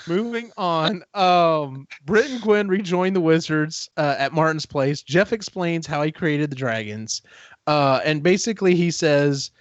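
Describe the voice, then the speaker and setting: A man with a fairly high voice talks through a book's plot in a casual chat, slipping into quick character quotes as he goes. The recording is dry and a little muffled, with a lo-fi edge. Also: no echo. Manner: animated storytelling, acts out quotes. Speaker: podcast host. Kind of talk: casual book discussion.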